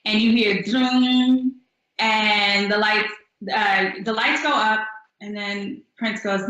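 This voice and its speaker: A young adult woman, a singer-songwriter, telling stories in a casual interview with an upbeat, animated manner and acted-out quotes. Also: fairly high pitch, measured pace, muffled recording. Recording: echoey room.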